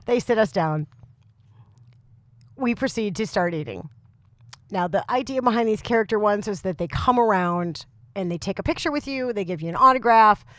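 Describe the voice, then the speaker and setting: A woman in her thirties or forties with a very loud voice, co-hosting a podcast and telling a comic story with lots of laughs and exasperation. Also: mid-range voice, animated, normal speed, no room sound, studio quality. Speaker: podcast co-host. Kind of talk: casual chat, comic storytelling.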